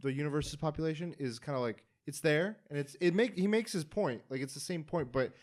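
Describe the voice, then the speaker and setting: A man's voice: on the high side, brisk. A man hosting a casual podcast chat, retelling a story with acted-out quotes and lots of fillers. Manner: animated storyteller, acts out quotes. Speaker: podcast host.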